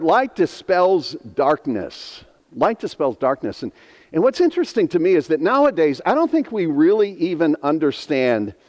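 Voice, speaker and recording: Repeating key phrases to give them weight, a man in his fifties preaches a heartfelt, emphatic sermon in a large hall. He's a pastor from northeastern Pennsylvania with a fairly high, slightly mellow voice.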